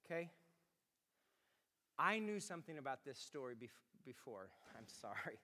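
A man preaching a sermon to a congregation, swinging from quiet conversational talk to loud shouting. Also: medium pitch, very animated, moderate pace. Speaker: pastor. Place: large room with congregation. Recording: long hall reverb.

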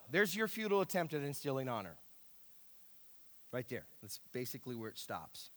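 A man preaching a sermon as pastor, emphatic and animated, repeating key phrases. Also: medium pitch, brisk, long pauses. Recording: echoey hall.

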